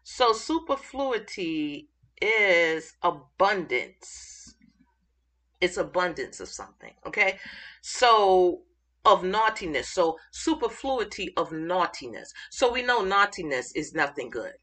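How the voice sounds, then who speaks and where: A woman teaches scripture in an informal, excited way, often pausing and restarting as she looks for the next verse. She speaks slowly and deliberately. Her voice is bright and forward. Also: fairly low pitch. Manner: excited, halting, searching for verses mid-thought. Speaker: Bible teacher.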